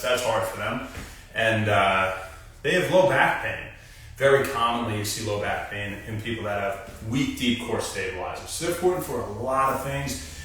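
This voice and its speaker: A man's voice: medium pitch, fairly bright tone, distant mic. A young man hosting a casual exercise demonstration as a physical therapist, who coaches viewers through core moves and talks to them directly. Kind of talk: live-stream exercise demonstration. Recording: very echoey room, voice off-mic at times.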